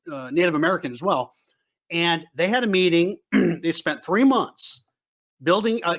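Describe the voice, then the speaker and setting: A man with a high voice runs a business training session, hammering home his points and often stopping to add "okay?" The audio is muffled and lo-fi, like a recorded webinar. His delivery stays lively and emphatic throughout. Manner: emphatic, repeats key points, frequent fillers. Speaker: government contracting trainer.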